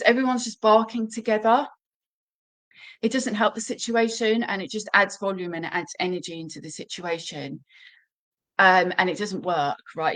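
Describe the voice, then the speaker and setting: A woman dog trainer talks through a live stream at an ordinary middle pitch. She explains step by step in a chatty, unscripted way, with lots of fillers and restarts. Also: a bit bright, poor audio. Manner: acts out short quotes in a high, anxious voice. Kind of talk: live-stream teaching, conversational.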